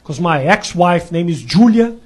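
A man from Brazil with a Brazilian accent doing a deadpan stand-up routine in broken English on a comedy club stage. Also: high-pitched, moderate pace. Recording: loud crowd laughter and noise. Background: roaring audience.

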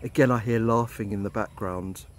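A man's voice: fairly low pitch, fairly even intonation, moderate pace, slight background noise. A middle-aged man, an expat vlogger telling a personal story in a candid, blunt way. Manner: candid, blunt, swears freely. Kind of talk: storytelling monologue.

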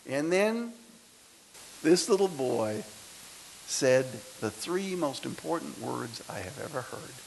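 A man in his sixties giving a motivational speech to students, his delivery swinging between loud emphasis and soft, intimate lines. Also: mid-range voice, sing-song, takes it slowly, creaky, a little hiss or hum, low-quality recording. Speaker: speaker. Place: lecture hall.

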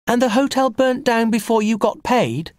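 A man voicing a curious young boy in an audiobook story, talking quick and eager. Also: very high voice, dry recording, clean studio sound, voice pushed up.

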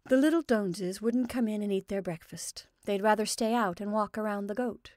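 A woman's voice: medium pitch, normal speed, hardly any pauses, a little mellow, no room sound. Woman reading a story aloud, dry and close.

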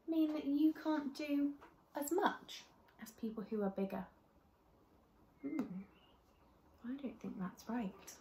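A woman reading a children's story aloud in a gentle, expressive way, often turning to talk directly to young listeners. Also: on the high side, echoey room, slight background noise.

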